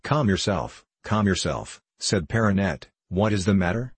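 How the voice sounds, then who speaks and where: A young prisoner recounts his boyhood, as a man reads him aloud. The voice sits very low with a husky grain, in a measured, even storytelling manner. The recording is dry and close, with no room sound. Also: no echo, exaggerated voice. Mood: grave. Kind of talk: audiobook reading.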